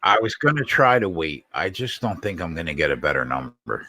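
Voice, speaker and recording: A man's voice: deep voice, very animated, a little fast, sharp tone. A man hosting a casual sports betting chat, blunt and swearing casually. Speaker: show host.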